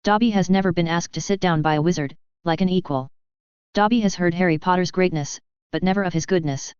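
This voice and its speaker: Lady reading a squeaky ear-piercing little elf guy, weepy and frantic, super clean voice. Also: fairly quick, darkish tone, clean tone, no room sound, lo-fi sound, close to an everyday voice. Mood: sobbing.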